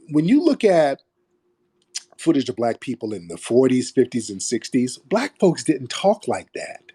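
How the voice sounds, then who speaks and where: A man's voice: mid-range voice, warm tone, husky. A man hosting a call-in stream, talking in an emphatic, preachy way and repeating phrases for stress. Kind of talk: opinionated call-in commentary.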